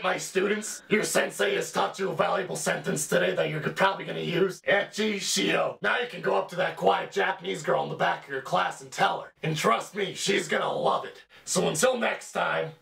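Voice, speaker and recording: A man's voice: high-pitched, gravelly, a bit bright, reverberant, distant mic, full character voice. A man playing a crude, ranting comedy sensei character who mock-teaches in a vulgar way.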